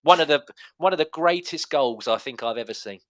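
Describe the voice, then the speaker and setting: A man's voice: a little high, animated, a little fast, a bit bright, no room sound. A man hosting a casual football podcast, talking in an enthusiastic, rambling way. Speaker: podcast host.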